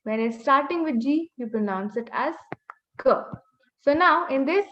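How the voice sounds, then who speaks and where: A woman teaching an online Mandarin lesson, slowly drilling pronunciation with repeated model words. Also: high voice, animated, a little hiss or hum. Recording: slightly dull webinar audio.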